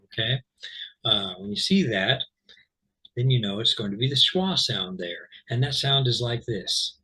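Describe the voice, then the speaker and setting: A man's voice: medium pitch, lively intonation, unhurried, sharp tone, husky, rough recording. A man teaching English pronunciation in an informal online lesson, rambling with lots of fillers and restarts and checking in with "okay?". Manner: explains patiently, checks in with "okay?".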